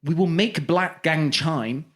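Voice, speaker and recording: A man co-hosting a casual comedy podcast, pitching outlandish ideas with mock-salesman bravado. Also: slow pace, noisy background. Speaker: podcast co-host.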